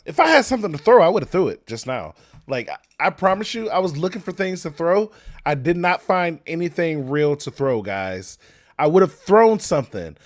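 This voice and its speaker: A man's voice: fairly high pitch, very animated, normal speed. A young man hosting a movie reaction video, talking to his viewers in casual commentary, exasperated and swearing often.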